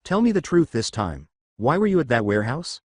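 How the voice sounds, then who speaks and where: A man's voice: mid-range voice, very animated, brisk, breathy edge, no echo, studio quality. A man voicing a smug, menacing villain. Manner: smiling, mocking, soft-spoken threats. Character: smug menacing male villain posing as a waiter.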